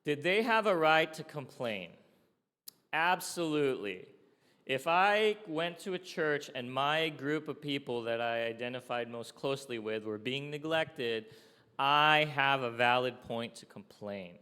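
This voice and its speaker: A man's voice: medium pitch, animated, unhurried, sharp tone, clean tone. Man preaching in a reverberant hall. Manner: conversational preaching, checks in with "okay?" and "right?". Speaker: pastor. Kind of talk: sermon.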